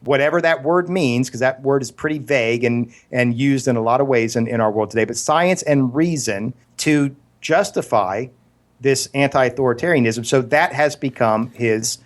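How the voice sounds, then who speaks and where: A man's voice: medium pitch, normal speed. Earnest man arguing in a casual podcast. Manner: earnest, stumbling restarts, absurd analogies. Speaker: podcast co-host. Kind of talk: casual argumentative discussion.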